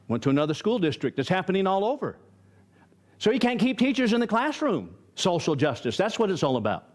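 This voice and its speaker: An older man from Arizona gives a Bible study lecture. His voice sits slightly high for a man, and he drives each point with rhetorical questions and firm emphasis.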